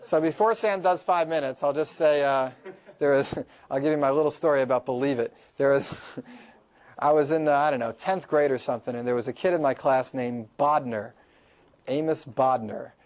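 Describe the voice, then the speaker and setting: A man lecturing to a class, telling a story in an animated way and laughing often. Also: medium pitch, moderate pace.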